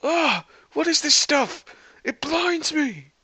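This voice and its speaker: A man's voice: very high voice, lively intonation, moderate pace, pushed and bright, dry recording, voice pushed up, heavily acted. A man voicing a boastful, rash male thunder god who proclaims grandly. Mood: heroic.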